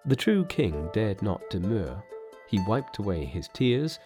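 A man reading a story aloud as narrator, in an expressive, measured way. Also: fairly low pitch, music in the background. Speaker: audiobook reader.

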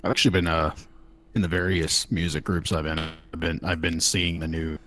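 Deep-voiced man in casual chat. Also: flat delivery, moderate pace, fairly bright tone. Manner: loose, profane, restarts phrases often. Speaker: podcast co-host.

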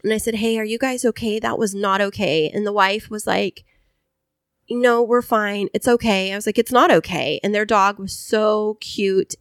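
Woman podcast co-host, chatty storyteller, mid-pitched, dry close sound. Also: dry recording. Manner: chatty, animated storyteller who acts out voices. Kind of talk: casual chat, storytelling.

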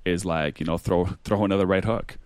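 A man with a low voice co-hosts a casual podcast and talks with energy, acting out the examples he uses. The recording is dry and close to the mic. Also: fairly quick, no room sound. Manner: animated explainer, acts out examples. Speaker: podcast co-host.

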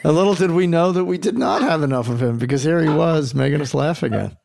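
A man's voice: a little high, fast, gravelly, darkish tone, slight background noise. A man co-hosting a podcast in casual chat, laughing often and teasing playfully. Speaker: podcast co-host.

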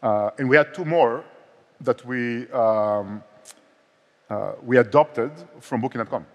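A man's voice: mid-range voice, takes it slowly, dull audio. A man with an Israeli accent, a startup founder speaking candidly on a conference stage, with frequent restarts. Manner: candid, self-deprecating, many restarts. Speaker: startup co-founder and CEO, guest. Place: conference stage in a large hall. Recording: long hall reverb.

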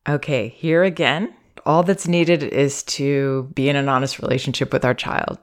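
A woman hosting a parenting advice podcast, talking in a calm, measured, thoughtful way. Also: a bass voice.

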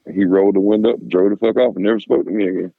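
A middle-aged man, a former police officer, telling stories casually in a podcast interview, animated and cursing freely. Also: lowish voice, vocal fry, breathy edge, no echo, phone-quality sound. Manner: animated, swears freely, acts out quoted voices.

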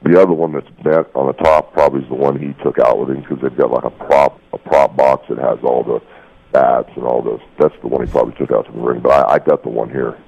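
A man with a very low, husky voice tells a heated story, blunt and profane, calling the listener "brother." He is heard on a muffled, lo-fi radio broadcast. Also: steady tone, fast talker, a little mellow. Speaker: radio show guest.

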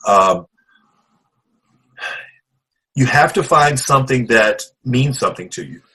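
Give me a calm male ex-champion thoughtfully giving advice. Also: mid-range voice, poor audio. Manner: measured, reflective, clears throat. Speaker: former wrestling champion, guest. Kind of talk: interview answers.

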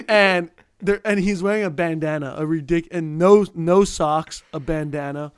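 A man's voice: fairly high pitch, a little slow, clear, resonant tone, no room sound, studio quality. Young man rambling through a funny story. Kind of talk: casual chat.

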